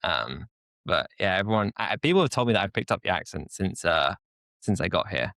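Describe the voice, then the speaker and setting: A man with a London English accent, a guest telling a story in a relaxed podcast chat. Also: low-pitched, fairly quick, no echo. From England. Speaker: guest, co-founder. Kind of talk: casual podcast conversation.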